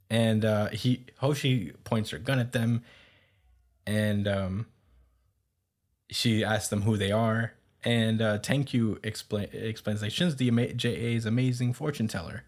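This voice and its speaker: Man, podcast host, low voice, casual recap, lots of uhs, chuckling. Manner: halting, many fillers, chuckles.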